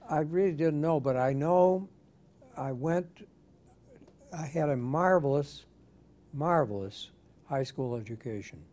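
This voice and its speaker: An older man being interviewed for an oral history, speaking in a measured, thoughtful way with frequent restarts. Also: fairly high pitch, darkish tone.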